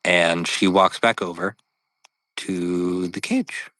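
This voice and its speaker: Low-voiced man running a tabletop game. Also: fairly even intonation, slow, bright, forceful tone, dry recording, clean studio sound. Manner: voices characters in quotes with laughing asides. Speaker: dungeon master.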